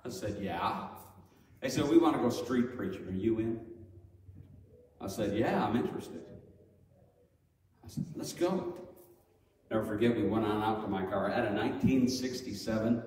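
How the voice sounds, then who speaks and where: Middle-aged male preacher, storytelling sermon, animated, distant mic in a roomy church hall. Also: fairly low pitch, moderate pace, long pauses. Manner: animated, acts out quoted voices loudly. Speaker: Sunday school teacher. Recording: echoey hall from far off.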